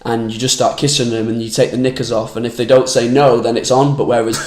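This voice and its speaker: Brief: young comedian guest, candid rambling chat, mid-pitched voice, recorded in a roomy space. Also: male voice, little pitch movement, fast, a little mellow. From Manchester, England. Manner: rambling, candid, restarts sentences often. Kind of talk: casual podcast chat. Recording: roomy echoey room.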